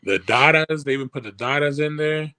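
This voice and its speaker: A man's voice: a little high, a little fast, pushed and bright, no echo. A man reminiscing in a casual chat, chiming in with short remarks and laughs.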